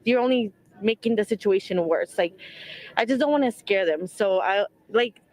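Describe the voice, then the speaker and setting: A woman's voice: mid-range voice, normal speed, darkish tone, poor audio. Rambling, earnest young mother. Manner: rambling, heavy use of "like" and "you know"; earnest, openly religious. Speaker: wildfire evacuee, mother of several children. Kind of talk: emotional on-the-spot interview answers. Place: outdoors at a donation site.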